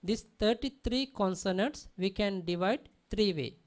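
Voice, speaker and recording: A woman's voice: medium pitch, unhurried, a little mellow. A woman teaching a language lesson, patiently repeating example words and checking that her students understand. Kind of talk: classroom lesson.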